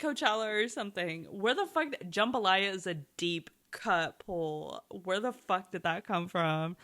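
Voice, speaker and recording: Animated young woman swearing casually. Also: mid-range voice. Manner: animated, swears often, talks fast in bursts. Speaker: TV recap vlogger. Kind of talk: casual chat.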